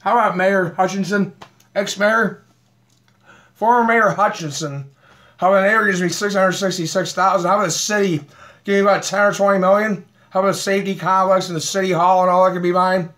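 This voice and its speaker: A man's voice: high-pitched, fairly even intonation, fairly quick, a bit bright. A man vlogging in a rambling, combative way, laughing often and talking while eating. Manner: aggrieved, combative. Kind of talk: rambling live video chat.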